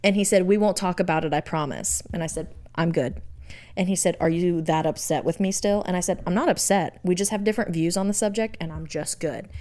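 A young woman co-hosting a podcast retells a dating story in casual chat, reading out text messages and often laughing. Her voice is fairly low-pitched and a little mellow, and she speaks briskly.

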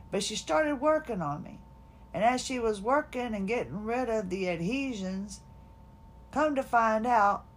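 A woman hosting a podcast, telling a personal story in a chatty, laughing way, quoting others, tired and finding it hard to talk. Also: mid-range voice. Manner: chatty, laughing, animated retelling with quoted voices. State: fatigued, hard time talking. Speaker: podcast host.

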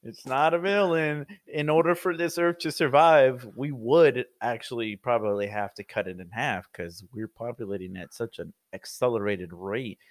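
A man in casual podcast chat, talking in a loose, joking way with plenty of swearing. His voice sits at an ordinary middle pitch for a man. It sounds dry and close, with almost no room echo. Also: normal speed, few pauses. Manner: loose, profane, joking banter. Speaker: podcast co-host. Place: home in Florida.

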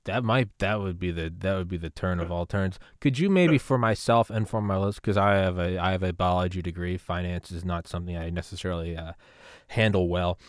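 A man's voice: low-pitched, fairly even intonation, a little fast, dry recording, clean studio sound. A man hosting a podcast, chatting loosely and enthusiastically with his guest. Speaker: podcast host. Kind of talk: casual interview chat.

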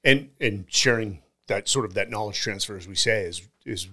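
Low-voiced man hosting a podcast. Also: moderate pace, bright, forceful tone. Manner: conversational, asks questions, repeats words when starting. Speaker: podcast host. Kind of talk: casual interview talk.

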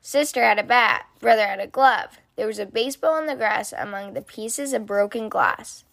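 A woman reading a children's picture book aloud in an expressive, sing-song storytelling manner. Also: on the high side, normal speed, creaky, dry recording. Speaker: storybook reader.

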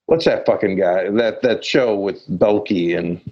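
A man's voice: fairly low pitch, unhurried, lo-fi sound. A man chatting casually as a podcast co-host, rambling and searching for words with many fillers. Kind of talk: casual chat.

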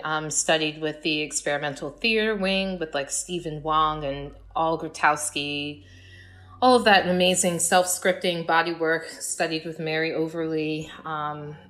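Middle-aged woman guest, low-set voice, lively anecdotes in easygoing chat. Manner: animated storyteller, acts out her past self. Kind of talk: casual podcast chat.

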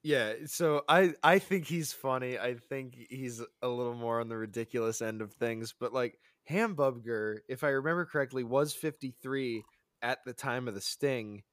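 A man hosting a podcast in casual chat, laid-back and quick to laugh, steering the conversation along. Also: medium pitch, dry recording, studio quality. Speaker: podcast host.

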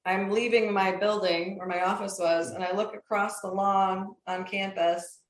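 A woman in her fifties from Minnesota, with a Minnesota accent, telling a personal story as an interview guest in a lively, animated way. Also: medium pitch, moderate pace, a little hiss or hum. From Minnesota, United States. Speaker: guest, professor. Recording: roomy echo.

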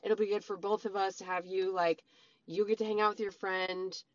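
A woman's voice: mid-range voice, little pitch movement, moderate pace, no room sound. A woman casually telling her own story straight to her viewers, rambling, with many "like" and "um" fillers. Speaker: storyteller recounting a relationship. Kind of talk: casual personal storytelling to camera. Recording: slightly dull lo-fi sound.

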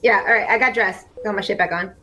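A woman's voice: medium pitch, steady tone, fast talker, a crowd in the background, low-quality recording. A woman playing a tabletop game, talking in a chatty, casual way and swearing freely. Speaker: player.

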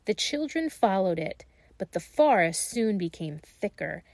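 A woman reading a fairy tale aloud in a slow, gentle and expressive way. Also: medium pitch, dry recording. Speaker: storyteller.

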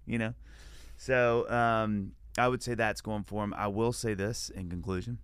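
A man's voice: lowish voice, fairly even intonation, moderate pace, smooth, no room sound. A man guest on a podcast, talking in a playful, rambling way with jokey asides. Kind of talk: casual comedic chat.

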